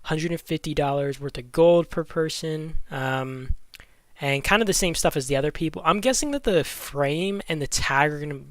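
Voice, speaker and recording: A man's voice: on the high side, moderate pace, no room sound. A man talking casually about a mobile game event, thinking aloud as he goes, often stumbling over his words. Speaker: gaming YouTuber.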